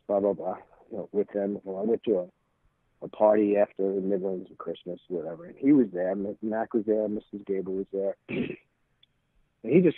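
Over a dry, tinny phone-like line with no room sound, a man in his 60s with a lowish voice guests on a podcast for a casual storytelling interview. He rambles and restarts phrases while acting out old conversations.

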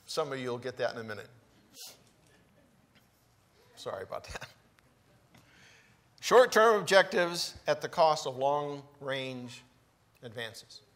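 A man preaching a sermon in a church, slow and emphatic, with deliberate pauses between phrases. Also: medium pitch, expressive, a bit bright. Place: church sanctuary.

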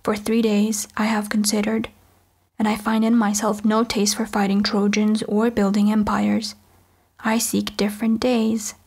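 A woman voicing a calm, stubborn young mortal prince who speaks respectfully and steadily. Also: medium pitch, a little slow, husky.

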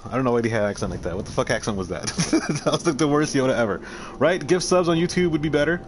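A man live-streams a game, chatting casually with viewers and reading chat as he plays. His mid-range voice is expressive and quick with few pauses, he swears freely and talks to himself, and there's slight background noise.

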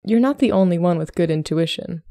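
A woman reading as a plain-spoken young gentleman suitor who talks in a calm, matter-of-fact way. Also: high-pitched, fairly quick, gravelly, dry recording, clean studio sound. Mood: steady.

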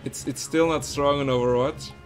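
A young Belgian man with Dutch as his first language, giving excitable, swear-heavy let's-play commentary with lots of laughing. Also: medium pitch, moderate pace, faint music behind. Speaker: gaming streamer.

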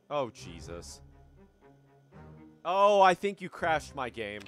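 A man's voice: on the high side, big pitch swings, takes it slowly, pauses often, a bit bright, soft background music. A man casually live-streaming a game, playful and giggly, chatting to his viewers.

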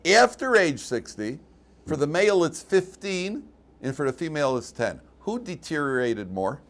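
An older rabbi leads an informal Torah class, animated and digressive, full of restarts, asides, and dry, mocking humor. His voice sits on the high side and his pace is moderate.

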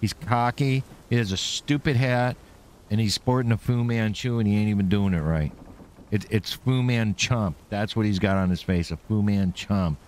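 A man's voice: lowish voice, steady tone, normal speed, darkish tone, a little hiss or hum. A man streaming a game, joking crudely and mocking the characters' dialogue as he plays. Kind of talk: casual gameplay commentary.

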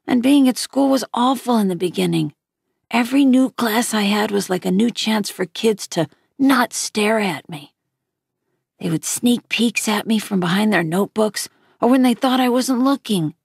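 A woman reads a novel aloud at a slow, unhurried pace. Her voice is gravelly and husky, and the recording sounds dry and close. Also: on the high side, a little mellow, dry recording. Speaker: reader.

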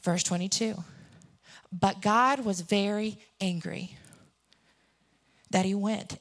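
A woman in her thirties preaching a sermon, telling stories and acting out the characters. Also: medium pitch. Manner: storytelling, acts out characters.

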